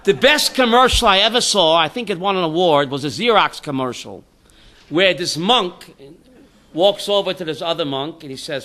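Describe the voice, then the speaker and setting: Animated joking rabbi, bright high voice. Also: male voice, normal speed. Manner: animated storyteller, acts out quotes. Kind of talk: informal Torah class with jokes.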